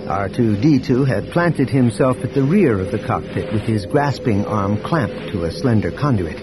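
Steady male audiobook narrator. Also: on the low side, normal speed, noisy background. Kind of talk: scripted narration.

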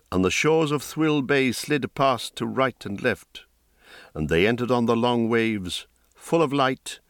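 Male audiobook narrator, fantasy reading, deliberate and measured, slow, dry close recording. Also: mid-range voice, no room sound. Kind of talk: scripted narration of a fantasy novel.

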